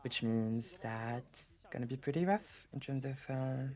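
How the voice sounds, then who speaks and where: A woman's voice: extremely low pitch, normal speed, warm tone. A woman commentating live on a card game tournament, talking in a hesitant, filler-heavy way.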